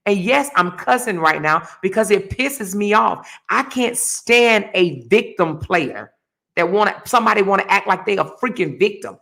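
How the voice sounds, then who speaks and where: A woman's voice: medium pitch, lively intonation, moderate pace, vocal fry, a bit bright. A woman hosting her own livestream and ranting in a heated, blunt, profane way, repeating her points. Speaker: livestream host. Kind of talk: casual livestream rant.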